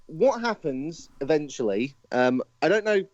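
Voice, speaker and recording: A man running the timeline on a casual live show, relaxed and a little sweary. His voice comes through dry and slightly muffled, like a modest home mic. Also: fairly high pitch, measured pace, no echo. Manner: steers the talk, swears casually. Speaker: podcast co-host.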